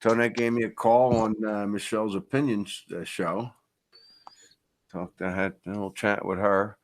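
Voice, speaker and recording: A man speaking as a guest in a casual online chat, relaxed and agreeable, chuckling now and then. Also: fairly low pitch, moderate pace.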